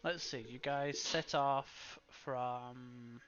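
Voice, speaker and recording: A man narrating a tabletop game as game master, halting with fillers and chuckles. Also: mid-range voice, steady tone. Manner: halting, lots of fillers and laughs. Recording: dull lo-fi audio with background music.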